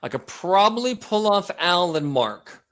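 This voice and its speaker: A hoarse man co-hosting a podcast, chatting casually and joking around. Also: high-pitched, unhurried. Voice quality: animated, joking. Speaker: podcast co-host. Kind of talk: casual chat.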